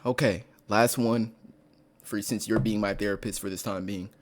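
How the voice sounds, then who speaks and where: A man with a lisp chatting casually as a YouTuber, mumbling and trailing off softly with lots of fillers. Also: on the low side, fairly even intonation, moderate pace. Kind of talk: casual chat.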